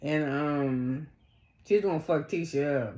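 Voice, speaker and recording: A woman with a fairly low voice recaps a reality show in blunt, profane casual talk. She jumps her voice up high whenever she acts out what the cast said. The recording has a roomy echo. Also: takes it slowly, warm tone. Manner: acts out quotes in a much higher voice.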